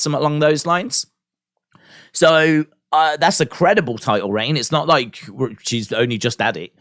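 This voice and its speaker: A man's voice: medium pitch, fairly bright tone, no echo, studio quality. A man hosting a wrestling watch-along live stream, rambling casually with restarts and fillers.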